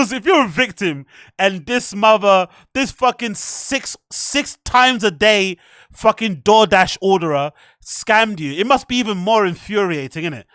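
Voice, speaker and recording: A man's voice: sits high, bright, forceful tone, no echo, clean studio sound. Mocking man reacting to clips. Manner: mocking, profane, exasperated. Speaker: show host. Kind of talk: reaction commentary.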